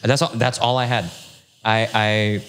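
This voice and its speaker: Animated storytelling man with a lowish voice. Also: unhurried, clear, resonant tone. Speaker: podcast guest. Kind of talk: storytelling in casual chat.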